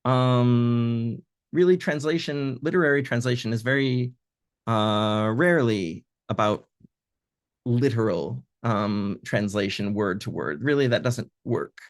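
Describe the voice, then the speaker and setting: Man translator leading an online reading session, mid-pitched, unhurried, full of fillers, dry video-call sound. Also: dry recording. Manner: thoughtful, hesitant, many fillers.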